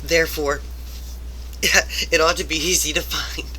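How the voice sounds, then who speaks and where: A woman's voice: sits low, fairly even intonation, unhurried, bright, forceful tone, husky. A woman vlogger ranting about work, rambling and exasperated, turning self-reflective. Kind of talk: rambling personal rant to camera.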